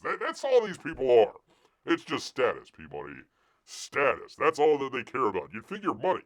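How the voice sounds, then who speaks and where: Reading news articles aloud on a casual livestream, this American host interrupts himself with sarcastic digs and mocking impressions of the people involved. He talks fairly quickly, his pitch swooping wildly up and down.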